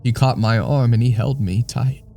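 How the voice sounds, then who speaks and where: A man reading a scripted first-person horror story in a deliberate, ominous way. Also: medium pitch, gravelly, mellow.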